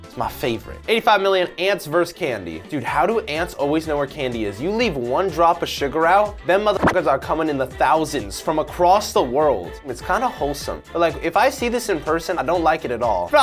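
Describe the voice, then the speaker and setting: A young man giving casual, slangy reaction commentary on short videos, full of quick exclamations. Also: on the high side, fairly bright tone.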